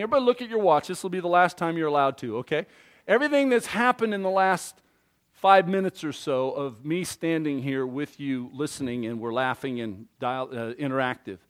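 A man preaching a sermon, animated and interactive, quizzing the congregation and acting out little scenes. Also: sits high. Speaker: pastor.

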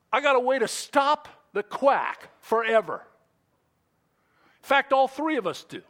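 A man delivers a sermon in a high voice that leaps around in pitch. He speaks at an unhurried pace, breaking into playful acted-out bits to drive his points home. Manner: animated, playful storytelling with acted-out quotes. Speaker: preacher.

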